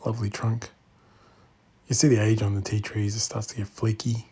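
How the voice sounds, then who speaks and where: Low husky man murmuring a tour. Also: level tone, normal speed. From Australia. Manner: quiet, murmured remarks, often drops to a whisper. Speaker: bonsai channel host. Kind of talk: casual walk-through commentary. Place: indoor exhibition room.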